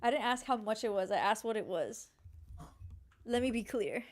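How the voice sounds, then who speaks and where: Playful loud woman, slightly high voice. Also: animated, moderate pace. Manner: loud, playful and crude, teasing. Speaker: podcast co-host. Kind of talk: casual podcast chat.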